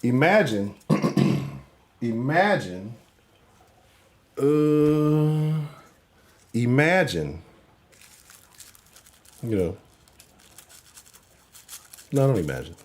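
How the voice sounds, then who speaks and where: A man's voice: medium pitch, big pitch swings, very slow, pauses often. A man hosting a live sports talk show, brash, joking and profane.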